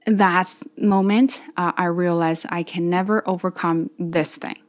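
Candid woman telling a vlog story, lowish voice. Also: fairly even intonation, a little slow. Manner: candid, wordy, many restarts and fillers. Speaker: vlogger. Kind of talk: personal story-time vlog.

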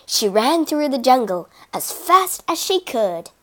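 A woman narrating children's fables in a lively, expressive storybook reading. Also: sits high, a little slow.

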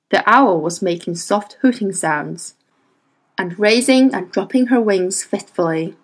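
A woman reading a novel aloud as audiobook narrator, measured and expressive. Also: mid-range voice, breathy edge, low-quality recording. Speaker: audiobook reader. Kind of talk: scripted narration.

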